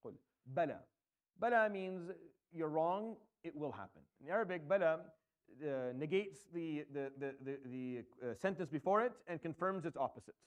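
A man's voice: fairly high pitch, expressive, a little fast. A man teaching a Quran tafsir lesson, explaining Arabic grammar step by step and reciting verses, with frequent fillers and restarts.

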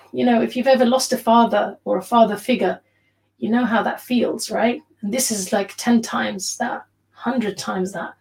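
A woman teaching an online religious class to other women, earnest and unhurried, with frequent pauses and short Arabic phrases. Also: mid-range voice, low-quality recording.

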